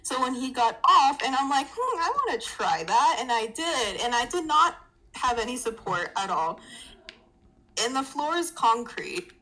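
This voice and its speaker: A woman's voice: high voice, expressive, unhurried, pushed and bright, low-quality recording. A woman guest on a casual podcast, telling a self-mocking childhood story with laughter.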